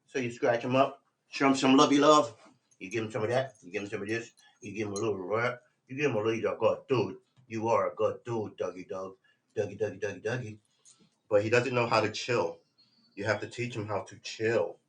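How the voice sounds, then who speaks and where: A relaxed man with a fairly low voice hosts a casual home livestream. His talk is loose and chatty, and now and then he slips into a coaxing sing-song when he speaks to his dog. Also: fairly quick. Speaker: livestream host. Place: home room.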